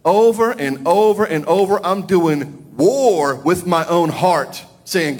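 A man's voice: expressive, takes it slowly, few pauses, darkish tone. A man preaching a sermon, his voice rising and falling widely as he builds his points. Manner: preaching with big swings in pitch and volume. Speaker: pastor.

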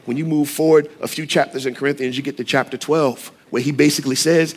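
A man's voice: fairly high pitch, fast, few pauses. Casual, chatty male pastor preaching. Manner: conversational, lively, asks the room often; self-deprecating humor. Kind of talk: casual conversational sermon.

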